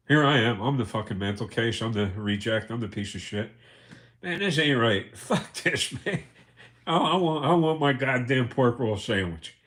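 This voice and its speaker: A male livestream host with a mid-range, slightly bright voice tells stories casually. He is foul-mouthed and rambling, chuckling his way through the anecdotes.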